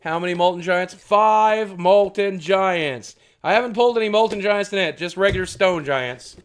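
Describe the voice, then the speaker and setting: A man's voice: high-pitched, moderate pace, smooth. Crude jokey guy streaming, swearing a lot while opening packs. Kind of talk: casual live-stream chat while unboxing.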